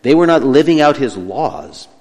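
A man preaching a sermon as pastor, earnest, slowing and softening when he voices God's words. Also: mid-range voice, animated. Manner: earnest preaching, slows down and drops quieter for quoted words of God. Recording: long hall reverb.

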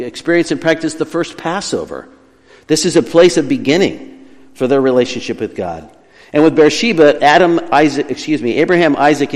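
A man's voice: fairly high pitch, a little mellow. Earnest male pastor in a reverberant hall. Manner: earnest, emphatic teaching with self-corrections. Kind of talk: sermon.

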